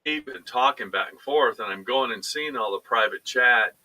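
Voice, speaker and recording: A man hosting a live talk show, chatting in a rambling, excitable way. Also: mid-range voice, normal speed, rough recording. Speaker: host. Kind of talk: casual live-show chat.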